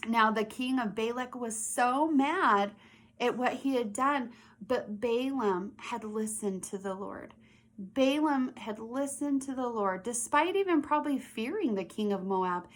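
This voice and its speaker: Retelling a Bible story to children with lots of energy, a young adult woman stops to quiz the kids as she goes. Her voice sits fairly high.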